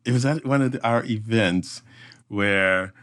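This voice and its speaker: An event emcee appears as a guest on a podcast, telling an animated story full of restarts and hummed sound effects. He speaks at an unhurried pace in a voice on the low side.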